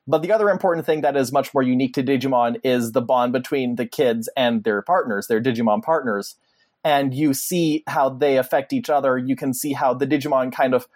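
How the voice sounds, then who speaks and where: A podcast guest in a casual chat, explaining things in a steady, thoughtful way. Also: medium pitch.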